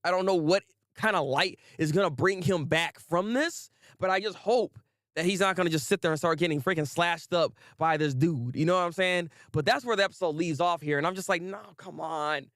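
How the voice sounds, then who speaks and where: A man's voice: high voice, a little fast, no echo, clean studio sound. Chatty, upbeat young man hosting. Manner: animated, laughs often, chatty with viewers. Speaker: anime review host. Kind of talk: casual livestream commentary.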